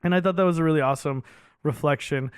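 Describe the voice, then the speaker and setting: Animated, smooth-voiced podcast guy. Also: fairly high pitch, quick pace, no echo, clean studio sound. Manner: animated, heavy use of "like", swears casually. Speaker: podcast co-host. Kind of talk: casual movie discussion.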